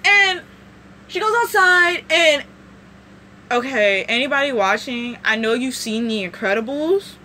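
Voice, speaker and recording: A woman vlogger tells a show recap in a rambling, animated way, full of asides. Her voice is high and bright. There is a faint hiss of noise behind her. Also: measured pace.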